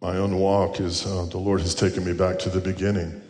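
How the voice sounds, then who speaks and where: Pastor, male, very low voice, chatty joking sermon delivery, long hall echo. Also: level tone, brisk, a little mellow. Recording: echoey church hall.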